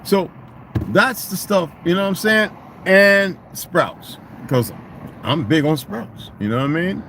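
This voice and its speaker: A middle-aged man in a casual, profane rant, swinging into loud, mocking quotes of other people. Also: high voice, measured pace, slight background noise. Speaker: vlogger.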